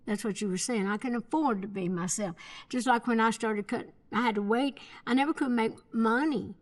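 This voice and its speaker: A woman speaking in a relaxed interview, reflective and easygoing with a small laugh. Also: a little high, fairly quick. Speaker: interviewed singer.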